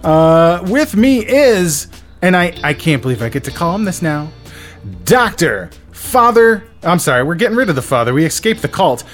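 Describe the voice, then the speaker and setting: An excitable man hosts a casual podcast, his voice sitting a little high. He rambles and circles back, leaning on lots of fillers. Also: quick pace, hardly any pauses, soft background music. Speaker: podcast host.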